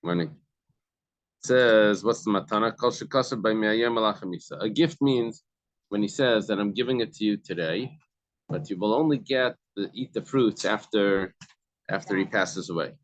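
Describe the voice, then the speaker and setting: A man with a low voice leads a study group. He reads a passage and then explains it in plain words, pausing and restarting often. The sound is close and dry. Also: no echo. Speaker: Talmud class leader.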